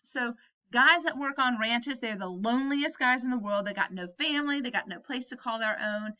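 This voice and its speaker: A woman's voice: fairly high pitch, normal speed, sharp tone, lo-fi sound. A woman teacher explaining a novel to students in a conversational way, often checking whether they follow. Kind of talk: recorded lesson reviewing a novel.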